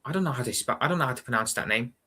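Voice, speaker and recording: A man's voice: medium pitch, animated, rapid-fire, bright, forceful tone, slightly rough. A man with a Scouse accent from Liverpool, chatting bluntly and rambling on a live football watchalong stream, often repeating "you know what I'm saying". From Liverpool, England. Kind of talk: casual live-stream chat.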